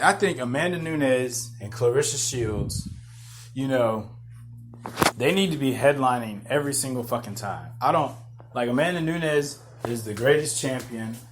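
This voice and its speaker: A man hosting a podcast, rambling in excitable, profane casual chat full of restarts. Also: mid-range voice, slight background noise. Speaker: podcast host. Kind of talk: casual chat about MMA fights.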